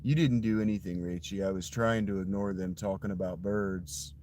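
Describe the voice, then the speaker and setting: A man's voice: sits low, steady tone, normal speed, warm tone, slight background noise. A man in a casual livestream chat, rambling and confiding straight to his viewers in a put-on voice that he pushes forward in his throat for a slight distortion.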